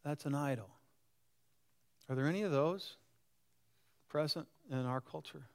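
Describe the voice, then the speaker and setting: A man's voice: a little high, measured pace, gravelly. A pastor in his sixties gives a conversational sermon and often puts questions to the congregation. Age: 60s. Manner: lively and animated.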